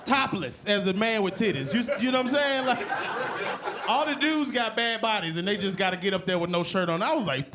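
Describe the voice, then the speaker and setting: A man doing a stand-up comedy set, telling loose, profane stories and jumping into loud shouted voices. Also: high voice, brisk. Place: comedy club stage before a laughing crowd. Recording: live show with loud crowd laughter and noise.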